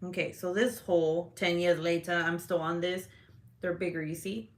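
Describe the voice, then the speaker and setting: A woman's voice: on the low side, flat delivery, normal speed. A woman hosting a casual livestream chat, laughing often and swearing freely as she reacts to comments. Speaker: livestream host. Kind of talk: casual live-stream chat.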